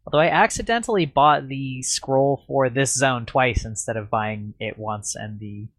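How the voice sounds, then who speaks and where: A man's voice: mid-range voice, moderate pace, fairly bright tone, no room sound. A man co-hosting a casual gaming podcast, rambling and self-deprecating. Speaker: podcast co-host.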